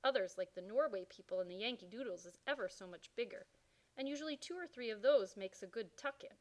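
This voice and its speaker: A woman's voice: a little high, expressive, a little fast, lightly acted. A woman voicing a huge, kindly old male giant who speaks in mangled grammar and made-up words. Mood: earnest.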